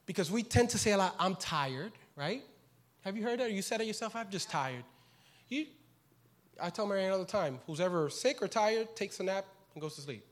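A male pastor with a fairly high voice delivers a sermon. He works through the text, dropping low and soft, then climbing into loud, pressing questions to the congregation. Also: a little fast. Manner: impassioned, swings from quiet to loud.

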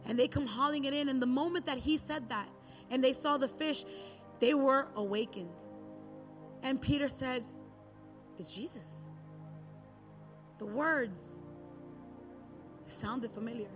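A woman with a bright, high voice delivers a sermon as a relaxed, chatty story. A faint bed of music runs quietly underneath. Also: normal speed. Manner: conversational storytelling with acted Bible quotes. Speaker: preacher.

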